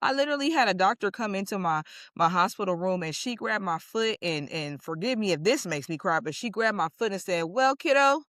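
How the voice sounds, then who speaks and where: A woman's voice: medium pitch, lively intonation, a little fast, few pauses, fairly bright tone, no room sound, studio quality. A woman co-hosting a podcast, speaking bluntly and candidly in casual conversation. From United States. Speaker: podcast co-host.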